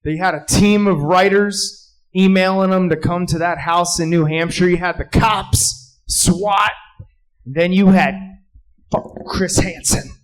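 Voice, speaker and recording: A man with a high voice performs stand-up in a club. He rambles through his bits and now and then bursts into loud shouted voices. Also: steady tone, measured pace, rough recording. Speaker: stand-up comedian. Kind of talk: stand-up comedy set. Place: live comedy club.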